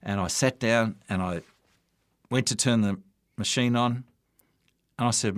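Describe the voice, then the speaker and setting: An older Australian broadcaster recounts his years as an MC, voice sitting a little low. The sound is dry and close, with no room around it. He tells his stories with quoted dialogue. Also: moderate pace, dry recording. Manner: anecdotal, warm storytelling with quoted dialogue. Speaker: radio broadcaster and MC. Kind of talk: storytelling interview answers.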